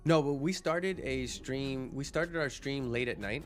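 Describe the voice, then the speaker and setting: A man's voice: mid-range voice, measured pace. Chatty male streamer over faint music. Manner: chatty, reads chat aloud, frequent restarts. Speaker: livestreamer. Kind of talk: casual chat with viewers.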